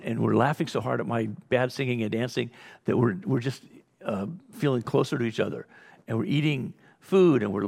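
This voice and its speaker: Gravelly, husky male pastor preaching. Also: medium pitch. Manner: conversational preaching with frequent restarts and acted asides. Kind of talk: sermon.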